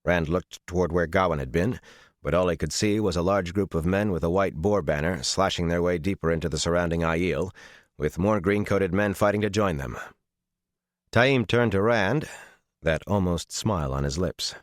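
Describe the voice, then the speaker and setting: A male audiobook narrator reading a fantasy novel with measured, dramatic storytelling. His voice is very deep, and the recording is dry and close with no room sound. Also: no room sound.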